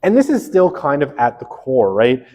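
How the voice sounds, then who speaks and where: A man's voice: mid-range voice, huge pitch swings, normal speed, warm tone, long reverb tail. Joking man lecturing. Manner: casual and joking, frequent fillers and tag questions. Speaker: sociology instructor. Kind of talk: recorded university lecture.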